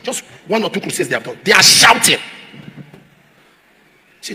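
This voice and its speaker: Male pastor, high animated voice, quick delivery, sermon in echoey hall. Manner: preaching with repeated refrains, rising to shouts. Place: large church auditorium.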